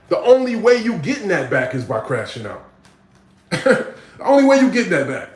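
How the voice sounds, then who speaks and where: Animated streetwise man telling his life story. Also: high-pitched, a little fast, poor audio. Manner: streetwise, animated storyteller who acts out voices and cusses freely. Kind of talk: casual storytelling monologue.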